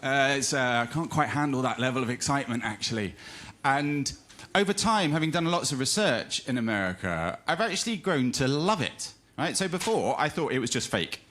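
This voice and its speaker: British male speaker, mid-pitched, casual self-mocking delivery to a room of listeners. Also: very animated, moderate pace, fairly bright tone. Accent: British English. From Britain. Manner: chatty, self-deprecating, many fillers and restarts. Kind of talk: live talk to an audience. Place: room with a live audience.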